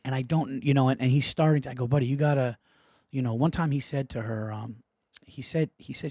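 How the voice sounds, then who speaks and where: A man talks quickly and animatedly as he tells a story, swearing freely and acting out the people in it. His voice sits in a middling pitch. The sound is dry and close, with no room echo. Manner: animated, profane anecdote telling. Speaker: podcast guest. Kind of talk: casual storytelling.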